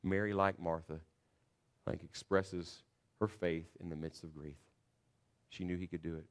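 Man, pastor, deep low voice, earnest sermon, emphatic, church. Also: fairly even intonation, unhurried. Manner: earnest preaching, rising to loud emphatic passages.

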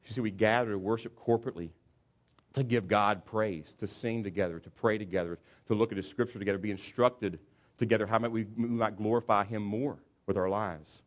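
A man preaching a sermon as pastor, telling a story with animated, acted-out asides. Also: lowish voice, brisk. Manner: animated storytelling, acts out football players.

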